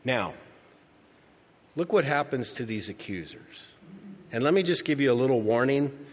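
A man preaching a sermon, reading scripture and swinging from loud, emphatic lines to hushed ones. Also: mid-range voice, expressive, moderate pace, big-room sound. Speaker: pastor.

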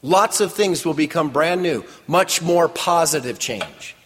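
A man's voice: a little high, lively intonation, a little slow, a bit bright, husky. A man preaching a sermon as pastor, with emphatic call-and-response. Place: church sanctuary. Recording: long reverb in a large hall.

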